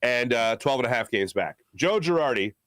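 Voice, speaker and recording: A man's voice: medium pitch, animated, moderate pace, fairly bright tone, no echo, clean studio sound. A man hosting a casual solo sports talk show, rambling along with lots of filler "uh"s and joking asides.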